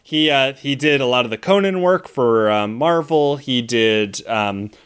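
A man's voice: mid-range voice, animated, unhurried, fairly bright tone, clear, resonant tone. A man co-hosting a movie podcast, talking in a rambling, enthusiastic way full of fillers. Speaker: podcast co-host. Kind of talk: casual movie podcast chat.

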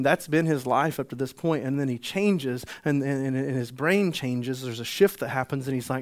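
A man preaching a sermon, an animated storyteller who acts out the scenes he describes. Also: medium pitch, moderate pace, few pauses. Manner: animated storytelling, acts out the healed man's joy. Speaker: pastor.

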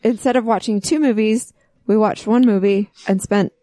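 A woman's voice: mid-range voice, steady tone, normal speed, warm tone, dry recording. Chatty female podcast co-host. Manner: chatty, interjecting, jokes. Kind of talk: casual chat.

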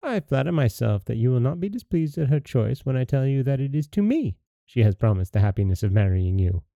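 A man's voice: medium pitch, big pitch swings, fairly quick, gravelly, mellow, dry recording. A man voicing a malicious little dwarf who talks in a wheedling, spiteful way.

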